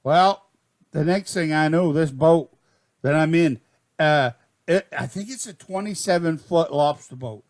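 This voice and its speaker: An older man with a Maine accent tells a rambling comic tall tale in excitable folksy slang. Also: fairly high pitch, unhurried. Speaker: storyteller.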